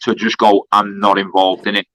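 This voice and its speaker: A man's voice: lowish voice, little pitch movement, normal speed, sharp tone, dry recording, rough recording. A man, a fighter on a charity card, trash-talking heatedly on a live stream from a kebab shop. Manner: aggressive, swearing trash talk.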